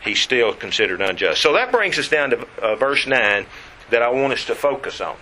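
A man preaching a sermon, reading scripture aloud and stressing key words deliberately. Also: medium pitch, sing-song, pushed and bright, a little hiss or hum, rough recording.

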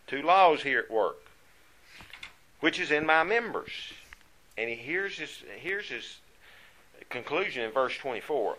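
A man of middle pitch leads a Bible study class. He talks in an earnest, conversational way and leans harder into the verses he reads aloud. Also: big pitch swings, normal speed, sharp tone, rough recording. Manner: earnest, rises in volume when reading scripture.

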